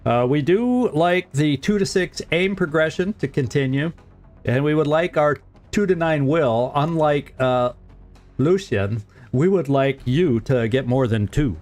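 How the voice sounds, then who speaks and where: A man's voice: fairly high pitch, a little slow, darkish tone, soft background music. A man streaming a strategy game, talking casually to his viewers, often chuckling and repeating words as he thinks aloud. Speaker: gaming streamer. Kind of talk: casual let's-play commentary.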